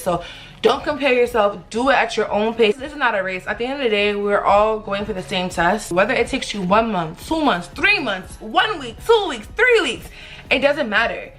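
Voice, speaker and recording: A young woman chats through a lively storytime vlog, her voice bright and forceful and pitched a little high. She speaks directly to her viewers. Faint music plays behind her. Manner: animated, talks straight to viewers. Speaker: vlogger.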